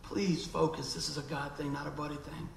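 Man, preacher, gravelly voice, echoey church hall. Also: a little high, fairly quick, a little hiss or hum. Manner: animated storyteller, acts out quoted voices. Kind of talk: storytelling sermon.

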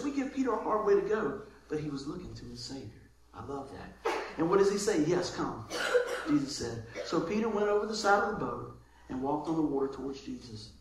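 A man preaching a sermon as pastor, lively, moving between loud calls and soft asides. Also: on the high side. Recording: very echoey room with faint noise.

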